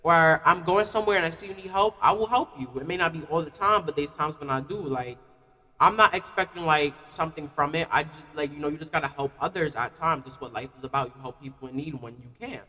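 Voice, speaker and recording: A man's voice: on the high side, quick pace, big-room sound. A man ranting casually on a live stream, full of "like" fillers. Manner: animated, repetitive "like" fillers.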